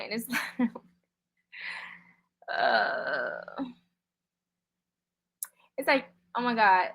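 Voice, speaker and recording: A woman's voice: on the high side, big pitch swings, very slow, gravelly, long pauses, a bit bright, rough recording. A woman livestreaming, talking to her viewers in a rambling way, full of restarts and fillers. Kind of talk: casual livestream talk.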